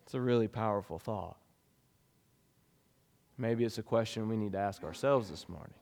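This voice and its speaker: A man preaching a sermon as pastor, with emphatic delivery that rises and drops sharply in pitch and volume. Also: moderate pace, vocal fry, long pauses, darkish tone, long reverb tail.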